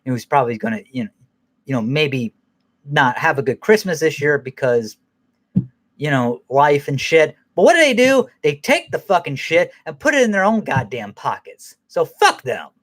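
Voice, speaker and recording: A man's voice: a little high, sing-song, normal speed, a bit bright. A man hosting a podcast who rambles through an angry, profane rant and laughs at himself now and then. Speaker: podcast host.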